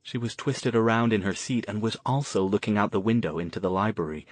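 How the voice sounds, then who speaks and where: Guy reading an audiobook, lowish voice, super dry close mic. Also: brisk, no room sound. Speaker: audiobook narrator. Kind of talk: scripted narration.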